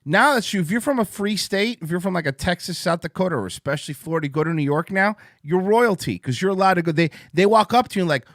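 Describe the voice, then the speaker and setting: A man's voice: sits high, lively intonation, fast, a bit bright, no room sound, studio quality. A man hosting a casual livestream talk show, rambling and profane, amped up on coffee. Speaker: podcast host.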